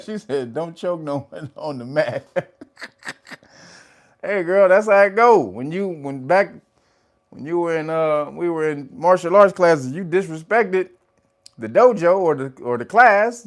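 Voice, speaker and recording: A man hosts a casual livestream, greeting viewers by name, laughing often and swearing casually. When he teases, his voice climbs high and loud with laughter.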